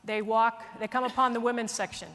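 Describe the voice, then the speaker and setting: A woman's voice: fairly high pitch, a little fast. Woman telling a story in an echoing hall. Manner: earnest, animated storytelling. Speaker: military leader giving a speech. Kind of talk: storytelling speech. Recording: long reverb of a large hall.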